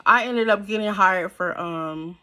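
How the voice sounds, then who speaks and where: A young woman telling a personal story to camera in a casual, slangy, animated way. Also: medium pitch, a little slow. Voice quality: animated, slangy and conversational, with many fillers. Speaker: storytime vlogger.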